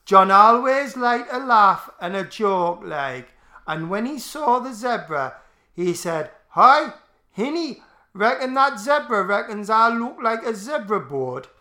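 A man's voice: high voice, sing-song, slow, sharp tone, voice pushed up, full character voice. A man putting on a Geordie widow's voice. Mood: gossipy. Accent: Geordie put-on. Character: drunk Geordie widow recounting husband's words.

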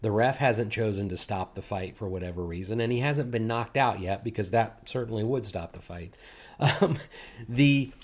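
A man preaching a sermon in a relaxed, conversational way, acting out quoted complaints and chuckling now and then. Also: on the low side, moderate pace. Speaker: pastor.

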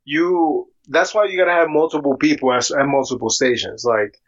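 A man with a fairly high voice joins a casual conversation, stammering before his points. His audio sounds muffled and low-fi. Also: fairly even intonation, normal speed. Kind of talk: casual podcast chat.

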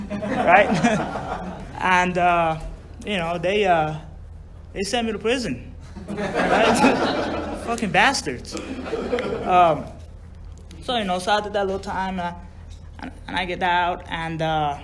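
A man's voice: high voice, lively intonation, unhurried, long pauses, fairly bright tone, a little hiss or hum. Rambling, profane man telling his story. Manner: rambling and profane, full of fillers and chuckles. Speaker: speaker sharing a recovery story. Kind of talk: casual personal storytelling.

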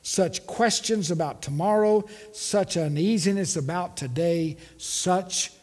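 High-voiced pastor preaching in a reverberant church. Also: male voice, slow, a little mellow. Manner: rhetorical questions, leads congregation call-and-response. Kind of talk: Christmas sermon. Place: church sanctuary.

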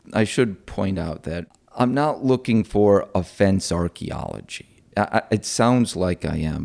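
A man's voice: low-pitched, creaky, a little mellow. A man in his forties from upstate New York, chatting as an interview guest with a self-deprecating, rambling manner. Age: 40s. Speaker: guest, opposition researcher. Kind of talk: conversational interview.

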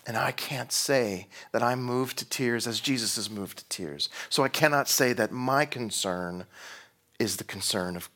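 A man's voice: mid-range voice, measured pace. A man preaching a sermon, emotional, moving between raised passages and near-whispered ones. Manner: emotional, swinging between loud and hushed. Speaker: pastor.

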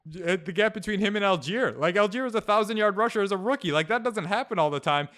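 Bright, slightly high-voiced wry analyst. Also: male voice, lively intonation. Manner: wry, quick quips, data-minded. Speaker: fantasy football analyst. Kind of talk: casual sports chat.

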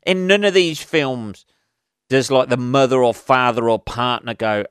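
A man's voice: mid-range voice, measured pace, fairly bright tone, clean tone, dry recording. An English man, a comedian hosting his own podcast, rambling casually with lots of swearing and self-mocking asides into a close mic.

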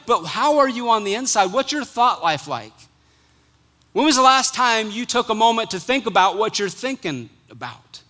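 Middle-aged male pastor, sermon, bright and forceful, lively quotes and soft drops. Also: sits high, normal speed. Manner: animated, acts out quotes, sudden quiet drops.

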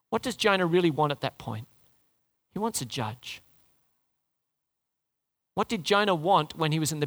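Here a man, a pastor, delivers a lively sermon to his congregation. Emphasis sends his voice soaring high, while prayer brings it down to a soft, low register.

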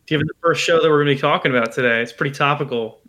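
A man's voice: on the high side, pushed and bright. A man co-hosting a casual podcast, cracking jokes and asking questions. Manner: joking, quick with wisecracks. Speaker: podcast co-host.

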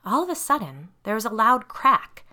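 Lively bright-voiced woman storyteller. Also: a little high, moderate pace. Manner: expressive storytelling. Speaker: narrator. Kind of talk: scripted story narration.

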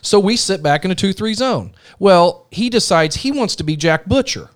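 A man in casual chat, telling a story in a lively way. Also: sits high, normal speed.

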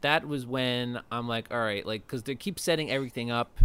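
A man's voice: mid-range voice, moderate pace, a bit bright, clear, resonant tone. A man co-hosting a podcast, chatting casually about a film and thinking aloud with plenty of fillers. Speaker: podcast co-host.

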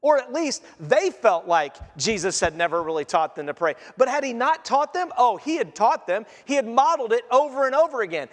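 A man delivers a sermon in a very high voice, talking to the congregation like a friend and acting out the words of others. His voice rings with a long reverb from a large hall. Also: a little fast, few pauses. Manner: animated, conversational preaching with acted-out quotes. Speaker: pastor.

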